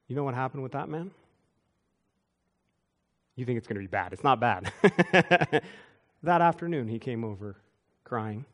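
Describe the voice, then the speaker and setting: A man preaching a sermon, telling church stories with quick asides and chuckles. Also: mid-range voice. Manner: animated storytelling with asides and chuckles. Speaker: pastor. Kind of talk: storytelling sermon.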